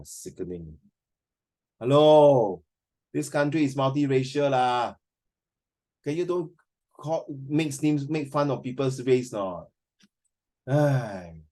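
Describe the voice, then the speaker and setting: A man's voice: mid-range voice, darkish tone. A man with a Singaporean accent teaching a class, chatty and full of fillers, quizzing his students as he goes. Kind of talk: classroom lecture.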